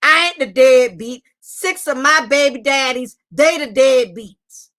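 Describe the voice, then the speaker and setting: A woman voicing a loud, furious single mother who shouts, curses and repeats herself while ranting defensively. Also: high voice, measured pace. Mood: indignant. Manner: shouting, cursing, repetitive ranting. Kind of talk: comedic rant impression.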